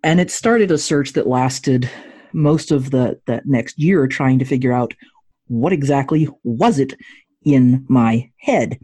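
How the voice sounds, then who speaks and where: A woman in her forties tells her story as a podcast guest. She talks in a husky voice. She jokes along the way and acts out other people's lines with big jumps in pitch. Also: slow pace. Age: 40s. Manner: jokey, acts out dialogue with lively pitch jumps. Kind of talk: animated personal storytelling.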